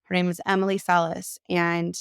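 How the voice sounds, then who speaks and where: A woman coach and mother giving conversational advice, emphatic and quick to act out the voices she quotes. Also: on the low side, monotone, gravelly, clear, resonant tone, dry recording, studio quality.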